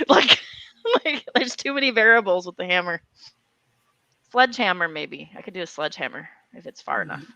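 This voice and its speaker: A young woman telling an animated story in casual chat, full of fillers and restarts. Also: on the low side, normal speed, no room sound.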